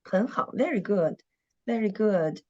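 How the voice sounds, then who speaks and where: A woman teaching an online language class, speaking slowly and patiently and having students repeat after her. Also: medium pitch, lively intonation, dull audio. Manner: slow, patient, repeats words for students to echo.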